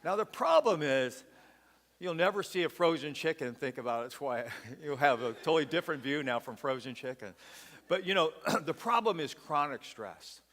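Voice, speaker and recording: A man's voice: a little high, expressive, normal speed, a bit bright, in a large hall. A man preaching a sermon as pastor, folksy and conversational, often dropping "man" into his sentences. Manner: folksy, peppers speech with "man". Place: church sanctuary.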